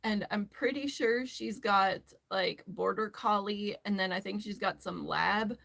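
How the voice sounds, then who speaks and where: A woman's voice: mid-range voice, unhurried, gravelly, a bit bright. A woman hosting a crochet tutorial, chatting casually and rambling as she works, laughing often. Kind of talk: casual chat while crocheting.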